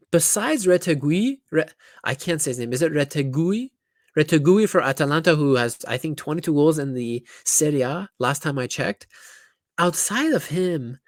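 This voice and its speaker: A man's voice: fairly high pitch, no echo, studio quality. A man giving casual, opinionated football analysis, talking bluntly with lots of restarts and asides. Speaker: football pundit YouTuber.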